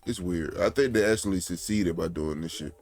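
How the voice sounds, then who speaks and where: A man chatting with friends over voice chat during a game, relaxed and slangy, trailing off with fillers. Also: deep voice, fairly quick. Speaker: co-player in voice chat. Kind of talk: casual gaming chat.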